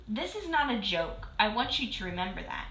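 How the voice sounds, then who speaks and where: A woman's voice: medium pitch, sing-song, fairly quick, pushed and bright, distant mic. A woman voicing a tiny, careful father in a children's story, speaking firmly and urgently. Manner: firm and urgent. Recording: roomy echo.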